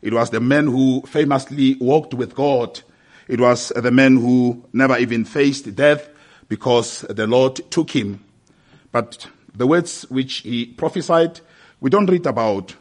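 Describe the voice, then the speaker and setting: Man preaching, measured with fillers. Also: medium pitch. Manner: measured preaching with hesitant fillers, rising in force when reading scripture. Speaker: pastor. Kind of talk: sermon.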